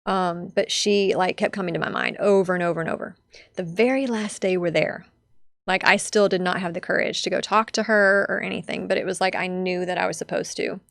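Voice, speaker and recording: A woman's voice: lowish voice, steady tone, fairly quick, vocal fry, a bit bright, no echo, studio quality. A young adult woman telling a personal story as a podcast guest, heartfelt and chatty with lots of fillers.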